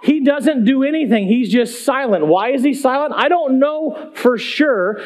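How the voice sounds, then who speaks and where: A male pastor giving a conversational sermon, animated and often asking the congregation questions. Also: very high voice, unhurried.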